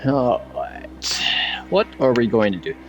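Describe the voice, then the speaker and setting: A man's voice: medium pitch, very animated, takes it slowly, dull audio, soft background music. A man streaming while gaming, chatting in a rambling way and slightly slurring his words. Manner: rambling, full of "like" fillers. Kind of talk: casual live-stream chat while gaming.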